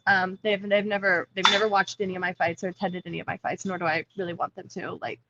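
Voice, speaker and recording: A woman's voice: fairly low pitch, flat delivery, fast talker, pushed and bright, muffled recording, a little hiss or hum. A woman in her thirties, a fighter chatting casually as a guest on a video call from a coffee shop, laughing easily. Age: 30s. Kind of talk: casual interview.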